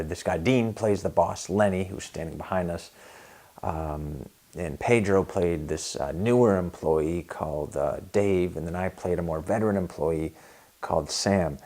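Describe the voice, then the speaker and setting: Deep-voiced deadpan comedic storyteller, a man. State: tired. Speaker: actor telling a story.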